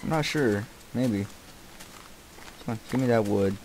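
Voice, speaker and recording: An easily distracted young man talking his way through a game, jumping from one thing to the next. He breaks into loud outbursts and swearing at the characters on screen. Faint noise and clicking sit under his voice. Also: medium pitch, unhurried. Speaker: gameplay commentator. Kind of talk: casual game commentary.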